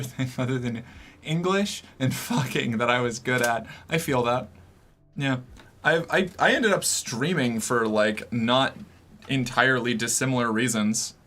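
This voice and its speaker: Here a young man from the US Northeast chats loosely with his stream audience, going through viewer messages with lots of fillers and rambling asides. His voice sits at a medium pitch and sounds a bit bright.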